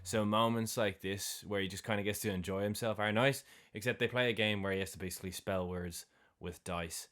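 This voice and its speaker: A man with a very low voice talks through a film's plot on a podcast, casually and loosely. He slips into the characters' lines as he retells each scene, and he swears freely along the way. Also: steady tone, brisk, fairly bright tone. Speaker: film podcast co-host. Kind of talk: casual film recap chat.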